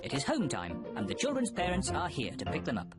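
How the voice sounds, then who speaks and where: A man narrating a children's cartoon in a calm, gently amused storybook manner. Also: a little high, brisk, over loud music.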